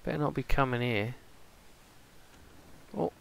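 A man playing a gravelly, rambling pirate. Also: mid-range voice, measured pace, a bit bright, slight background noise. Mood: relaxed. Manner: rambling, chatty, muses aloud to himself. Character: easygoing adult male pirate. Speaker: role-play streamer. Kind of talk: in-character game role-play.

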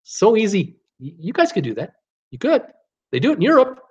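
A man's voice: sits high, huge pitch swings, brisk, slightly rough, highs cut off. Chatty man hosting live-stream trivia. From Canada. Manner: reads viewer guesses aloud, chatty and joking.

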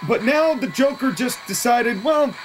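A wrestling commentator calling the action play by play, excitable, openly taking sides, and quick to laugh. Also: medium pitch, faint music behind, rough recording.

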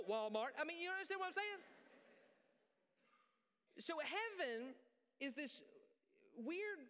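A male pastor preaching a sermon in a church, joking and animated, poking fun at himself. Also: extremely high pitch. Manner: joking, animated, self-deprecating. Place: church sanctuary. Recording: reverberant church hall.

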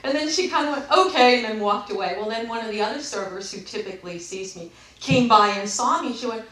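A woman vlogger casually telling a story to camera, animated and acting out both sides of conversations. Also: mid-range voice, fast. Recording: echoey room, voice from a distance.

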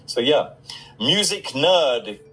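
A man's voice: mid-range voice, lively intonation, slow pace, sharp tone, faint music behind, poor audio. A middle-aged man on a casual live stream, reading out fan questions and answering them in a chatty way with many fillers.

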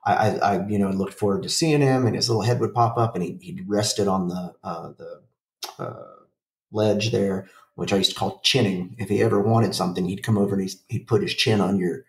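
A man's voice: sits low, steady tone, brisk, creaky, echoey room, recorded from a distance. A man in his forties telling a rambling, profane story in a casual podcast chat. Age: 40s. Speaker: podcast co-host.

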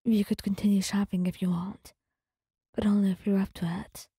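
A protective young man in whispered role-play, played by a woman, his voice a breathy, mellow hush. He speaks slowly and steadily, close to the mic in a dead-dry space. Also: medium pitch, flat delivery, dry recording. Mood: tender. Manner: stern and protective. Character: protective young man, stern then tender.

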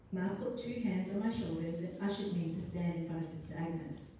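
Mellow woman reading her story. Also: on the low side, moderate pace. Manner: expressive, first-person storytelling. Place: arts centre event room. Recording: echoey room, distant mic, faint noise.

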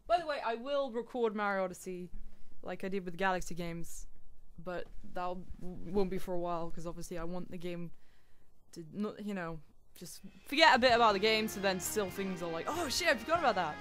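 A young woman commentating a racing game casually, swearing often and yelling at other racers. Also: lowish voice, moderate pace. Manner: swears a lot, yells and wails at the game. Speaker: gaming YouTuber. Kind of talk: casual let's-play commentary. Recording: game music behind the voice.

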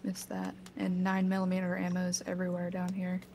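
A woman's voice: on the low side, monotone, brisk, mellow. Teasing woman co-streaming a game. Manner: teasing, laughs easily. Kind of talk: casual gameplay chat. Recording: noisy stream audio.

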